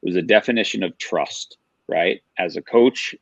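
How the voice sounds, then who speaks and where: A man's voice: low-pitched, moderate pace, breathy edge, dry recording, dull audio. A middle-aged man, an author and coach, explaining in an earnest, conversational way as a podcast guest. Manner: earnest, conversational, uses examples. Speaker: author and youth sports coach. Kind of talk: casual interview chat.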